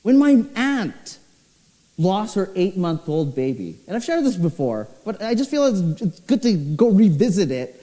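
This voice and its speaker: A young man, a pastor, preaching a sermon with expressive storytelling, his voice swinging low and high. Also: unhurried. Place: church hall. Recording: church hall with long reverb.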